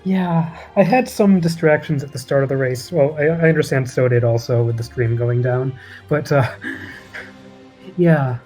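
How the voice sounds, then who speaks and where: A man being interviewed after a race, relaxed and easygoing, a bit hesitant. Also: mid-range voice, measured pace, faint music behind. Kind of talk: casual post-race interview.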